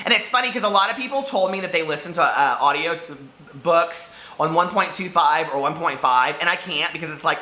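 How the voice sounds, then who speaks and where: A man's voice: on the high side, lively intonation, normal speed, pushed and bright. Man, casual book vlog chat, rambling, giggly, echoey room. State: overheated. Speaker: book vlogger. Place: hot room at home.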